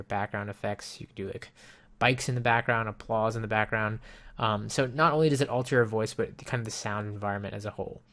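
Low-voiced man walking through software. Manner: relaxed, explanatory, with frequent ums and you-knows. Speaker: software reviewer. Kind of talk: casual screen-recorded software walkthrough. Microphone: desktop microphone with headphones.

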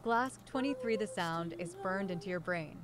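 A woman's voice: on the low side, moderate pace. Synthetic female voice reading chat messages. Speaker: text-to-speech chat reader.

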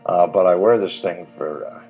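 An older veteran recounts combat in a deep, low voice, halting on fillers and plainspoken. Dry humor slips through now and then. Soft music plays faintly behind him. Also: male voice, low-quality recording. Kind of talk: interview recollection.

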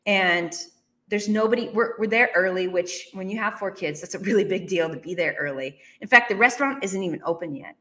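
A woman's voice: mid-range voice, a bit bright. A woman in her thirties or forties telling a personal business story as a motivational speaker, acting out her own reactions with laughs.

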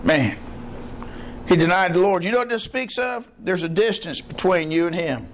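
A man with a high, lifted voice preaches an evening sermon. He talks in a folksy way and punctuates his points with "Amen". His questions go out to the congregation, and a faint hum sits under his words. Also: animated, normal speed. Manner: folksy preaching with frequent "Amen" call-outs. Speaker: pastor. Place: church service with a responding congregation.

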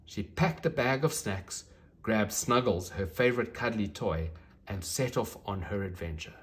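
Guy reading a bedtime storybook, soft, really lively up and down voice. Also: fairly low pitch, a little slow.

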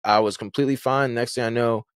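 A man's voice: mid-range voice, fairly even intonation, quick pace, clean tone, no room sound, studio quality. A young man telling a personal story in a casual, rambling way, with many restarts and fillers. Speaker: guest telling his story.

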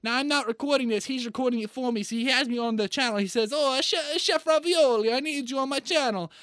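Speaking quickly in an extremely high, smooth, fairly bright voice, a man does comedic video-chat improv as a boastful Italian chef. His put-on Italian-American accent carries him through rambling food lists, self-pleased, on a dry, clean studio recording.

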